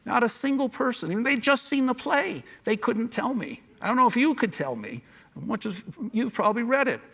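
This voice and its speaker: A man's voice: extremely high pitch, sing-song, moderate pace, vocal fry, a bit bright, breathy edge. A man giving a public lecture in a conversational, digressive way, often restarting his sentences and slipping in dry humorous asides.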